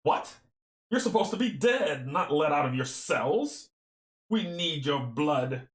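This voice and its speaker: A man's voice: a little high, very animated, slow pace. A man voicing an angry, contemptuous cultist, barking out indignant questions. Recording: roomy echo.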